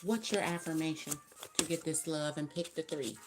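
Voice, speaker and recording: A woman with a very low voice reads tarot for her viewers in a loose, rambling way. She thinks aloud and counts out cards as she goes. Faint music plays underneath. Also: moderate pace. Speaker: tarot reader. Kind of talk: casual tarot reading to viewers.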